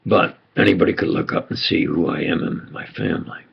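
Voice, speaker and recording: An older American man giving a rambling, unrehearsed monologue full of fillers and restarts, with a gravelly, husky voice. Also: low-pitched, brisk, muffled recording. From United States. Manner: meandering, with frequent fillers and restarts. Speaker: self-styled preacher recounting memories.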